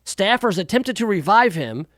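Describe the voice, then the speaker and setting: A man runs his talk radio monologue in a fairly high voice, rambling and sarcastic, tossing jokey asides into the news. The sound is dry and close, with no room around it. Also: sing-song, moderate pace, a bit bright, no echo. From United States. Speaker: radio talk show host. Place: radio studio.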